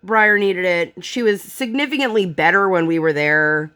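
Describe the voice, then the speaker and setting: A woman's voice: lowish voice, normal speed, a bit bright. A young woman, a mother from Pennsylvania, chatting casually about her day, retelling it with frustration and lots of fillers. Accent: Pennsylvania American. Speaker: vlogger and mother. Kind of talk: casual storytelling chat while crafting. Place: home craft table.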